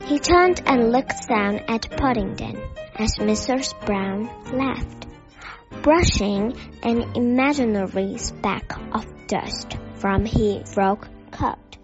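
A woman reading a children's novel aloud in slow, deliberate storytelling. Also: fairly high pitch, darkish tone. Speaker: story reader. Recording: dull audio with faint music.

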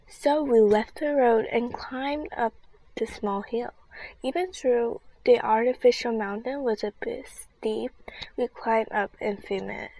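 A woman reading a first-person children's adventure story in a soft, half-whispered voice. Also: on the high side, gravelly, no room sound, rough recording. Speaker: story reader.

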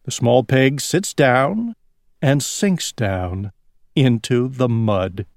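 A man reading a children's story aloud slowly for English learners, drawing words out. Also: medium pitch, no room sound, studio quality. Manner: slow, lively, drawn-out reading. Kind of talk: slow storybook read-aloud.

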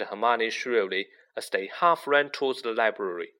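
A man reading a children's novel aloud as narrator, with lively expression. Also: on the low side, normal speed, few pauses, smooth. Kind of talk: audiobook reading.

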